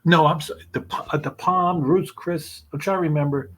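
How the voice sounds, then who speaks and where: Husky man telling profane stories. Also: on the high side, fairly even intonation, brisk, fairly bright tone. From New York. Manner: profane, rambling anecdotes. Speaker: guest, screenwriter. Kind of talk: casual storytelling.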